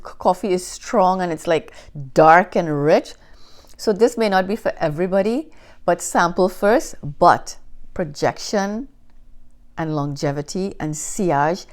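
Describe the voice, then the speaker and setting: A woman reviewing fragrances in a casual chat to camera, telling stories with lots of enthusiasm. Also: lowish voice. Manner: enthusiastic, animated storytelling. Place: Canada.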